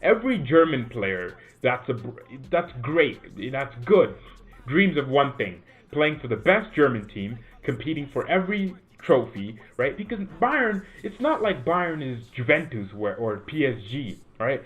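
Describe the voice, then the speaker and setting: An unhurried, medium-pitched man delivers loose commentary for his football fan channel, tagging his points with "right?" over and over. He's animated and rambling, speaking from a home room, and the audio sounds tinny, like a phone.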